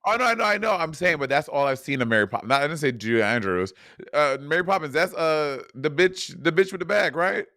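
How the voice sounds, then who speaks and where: A man co-hosting a casual chat, playful and teasing, quick to laugh. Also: a little high, lively intonation, sharp tone, dry recording, studio quality. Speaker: podcast co-host.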